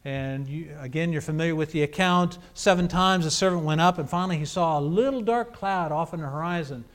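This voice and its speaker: A man's voice: on the high side, fairly quick. A man preaching a sermon, telling a scripture account in a conversational, storytelling way.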